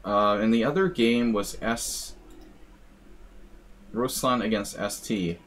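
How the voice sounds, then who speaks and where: A man streaming live, casually commentating chess games and chatting with viewers in a relaxed, musing way. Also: on the low side, takes it slowly, slight background noise. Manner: relaxed, musing, talks to chat.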